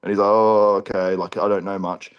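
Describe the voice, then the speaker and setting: A man, a podcast co-host, tells a story in a lively way and acts out other people's lines. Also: fairly low pitch, brisk, clear, resonant tone, muffled recording.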